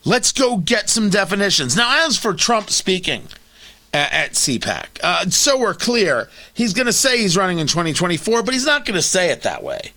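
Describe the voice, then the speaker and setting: A man's voice: high-pitched, huge pitch swings, moderate pace, pushed and bright. A man hosting a talk show, giving emphatic, opinionated political commentary that repeats points for effect and adds sarcastic asides.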